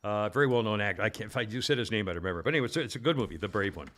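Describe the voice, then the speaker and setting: A man's voice: on the low side, very fast, fairly bright tone. A man hosting a talk radio show, reading this-day-in-history items in a rambling way, full of uhs and restarts.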